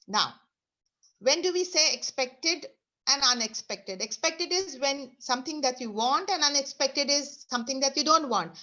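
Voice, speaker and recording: A woman's voice: high-pitched, a bit bright, dull audio. A woman leading an online motivational workshop, guiding listeners through exercises with repeated instructions. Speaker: speaker leading an online session. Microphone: video call.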